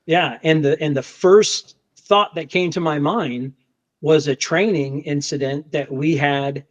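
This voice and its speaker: A federal agent tells the story of a confrontation in casual conversation, his voice a little high and his pace unhurried. He's animated, often restarting, repeating words and acting out what was shouted. The audio is dull, lo-fi podcast sound.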